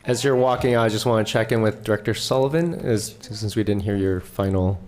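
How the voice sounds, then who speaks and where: A man's voice: lowish voice, fairly quick, darkish tone. A man chairing a school board meeting, moving through the agenda and handing items over. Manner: procedural, checking the agenda aloud.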